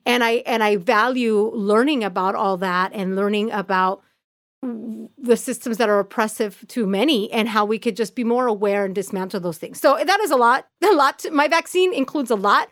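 A woman with a Spanish accent co-hosting a podcast, talking in a lively, casual way and laughing often as she speaks. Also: fairly high pitch, normal speed, no room sound, studio quality. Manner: animated, laughs often, restarts words. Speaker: podcast co-host. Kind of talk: casual chat.

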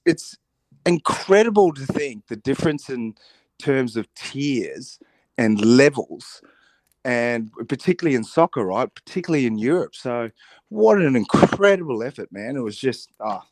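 A husky man whose voice is roughened by a cold, co-hosting a radio show. He rambles in an animated way and often restarts his sentences. His pitch is mid-range, and the sound is dry and close. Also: no echo. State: recovering from a cold. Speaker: radio co-host. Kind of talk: casual radio chat.

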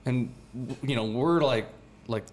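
A young man telling a fishing story in casual chat, animated and slangy, acting out the voices of the people in it. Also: mid-range voice, measured pace. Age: young adult.

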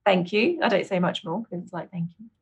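Chatty British woman guest, laughs a lot, mid-pitched voice, plays out little scenes as she talks. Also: expressive, brisk, gravelly, breathy edge, muffled recording. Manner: chatty, laughs often, acts out her own reactions. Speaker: podcast guest. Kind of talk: casual interview chat.

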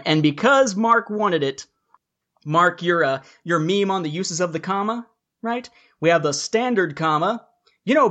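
A man hosts a casual podcast book-review discussion, chatty and jokey while laying out his points in order. His voice is fairly high, with a pushed, bright quality.

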